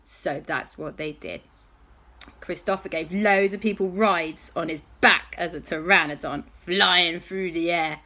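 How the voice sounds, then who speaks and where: A woman telling an animated, playful bedtime story. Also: lowish voice, unhurried.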